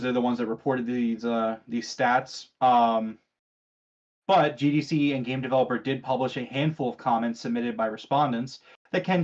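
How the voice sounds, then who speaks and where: On a casual gaming podcast, the male host, who has a mid-range voice, reads out news items and puts questions to his co-hosts. He's chatty with a sarcastic streak and steers the conversation. The audio sounds dull.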